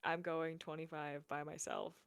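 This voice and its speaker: A woman playing a tabletop game, lively and excitable, often laughing. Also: low voice, moderate pace. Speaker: player. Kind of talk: casual tabletop play.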